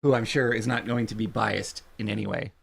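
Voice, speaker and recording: A man co-commentating a curling match, breaking down shots with dry, deadpan asides. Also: on the low side, fairly quick, vocal fry, breathy edge. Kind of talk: live sports commentary.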